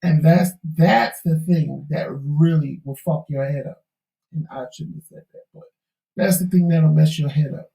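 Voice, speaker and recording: A man sharing a hard-won life lesson in a candid, preachy talk-show chat, his slang loose and his voice gravelly and wearing thin. The tone is dark and mellow. He sounds set back from the mic in a roomy, echoing space. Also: fairly high pitch, normal speed, distant mic. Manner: preachy, emphatic, folksy Southern-tinged slang. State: losing his voice.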